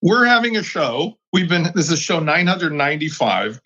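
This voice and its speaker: A man argues his point bluntly and emphatically in a round-table chat, his voice sitting a bit high. The sound is dull and lo-fi. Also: big pitch swings, normal speed, bright, forceful tone. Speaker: regular panelist.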